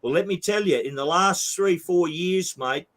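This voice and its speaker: An older man with a broad Australian accent, speaking as an outspoken interview guest. His voice sits a little high for a man, and he talks bluntly and emphatically, swearing often. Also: normal speed, fairly bright tone. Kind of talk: heated interview talk.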